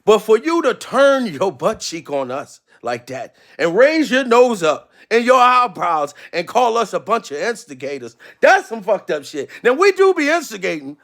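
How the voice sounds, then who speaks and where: Male comedic commentary host, high gravelly voice, loud exasperated profane rants. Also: big pitch swings, moderate pace, few pauses. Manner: loud, profane, exasperated ranting, often shouting.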